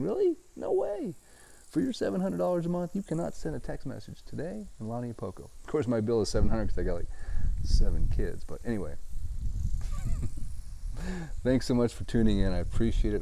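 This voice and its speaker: A man's voice: medium pitch, creaky, mellow, a little hiss or hum. A man, a real estate agent, chatting casually and jokingly on a live stream from outdoors on a hillside. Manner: chatty, jokey, upbeat.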